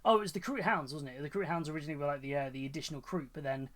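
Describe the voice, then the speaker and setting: Male streamer, upbeat rambling chat, slightly high pitch. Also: rapid-fire, fairly bright tone. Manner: enthusiastic, rambling, many fillers and restarts. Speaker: livestream host. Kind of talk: casual chat reacting to viewers' miniatures.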